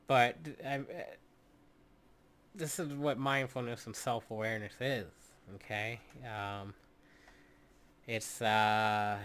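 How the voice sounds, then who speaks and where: A man's voice: mid-range voice, bright, forceful tone. A man hosting a solo podcast, talking through his points in an instructive way and often stopping on fillers and restarts while he addresses the listener directly. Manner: halting, many fillers and restarts. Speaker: podcast host.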